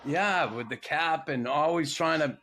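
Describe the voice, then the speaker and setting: A man's voice: on the high side, a little slow, sharp tone, a little hiss or hum. A man hosting a podcast, talking hockey in a laid-back, agreeable casual chat. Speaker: podcast host.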